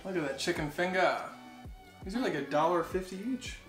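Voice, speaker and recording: A man co-hosting a casual home eating vlog, chatting excitably about food with lots of fillers. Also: high-pitched, fairly quick. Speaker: co-host. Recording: roomy echo with music behind.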